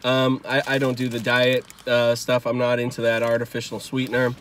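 A man chatting casually over a meal, rambling in a relaxed way with lots of fillers. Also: medium pitch, brisk, slight background noise. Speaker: local guide and co-host.

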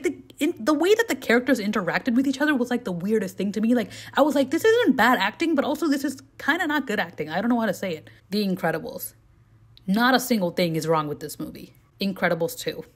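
Young woman, casual vlog chat, candid movie opinions, giggly, filler-heavy, mid-pitched voice. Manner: chatty and candid, with frequent "like" and "you know"; bursts of giggling between opinions. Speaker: vlogger reviewing movies. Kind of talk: casual rapid-fire movie review chat.

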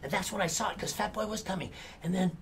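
An older man with a Hawaiian Pidgin accent telling a spooky children's story in a theatrical way, dropping to hushed tones and then building up excitement. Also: high-pitched, fast, vocal fry, slight background noise.

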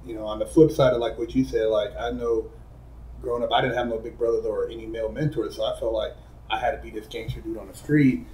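A man hosts a loose, conversational interview, his voice sitting at an ordinary middle pitch. He talks in relaxed street slang and stumbles over repeated words as he starts his questions. The room around him rings with a noticeable echo. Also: fast talker. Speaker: interview host. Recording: echoey room.

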